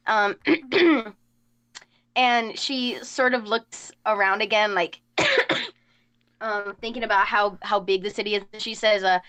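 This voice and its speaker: A woman's voice: mid-range voice, slow, fairly bright tone. A woman player in a tabletop game who rambles with many fillers. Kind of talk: casual tabletop game play.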